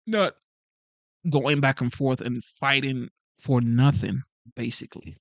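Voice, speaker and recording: A man's voice: medium pitch, fairly even intonation, slow, creaky, dry recording. A man who came to the country as an immigrant, hosting a casual livestream, speaking in an earnest, pleading way and repeating himself. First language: not English. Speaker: channel host reading live chat.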